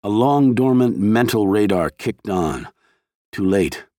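A man reading a thriller as an audiobook narrator, in a measured, steady way. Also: on the low side, dry recording, clean studio sound.

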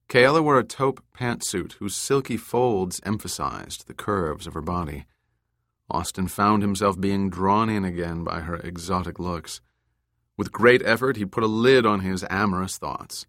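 A man narrating an audiobook in a steady, measured way. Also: sits low, dry recording, clean studio sound. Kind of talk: scripted narration.

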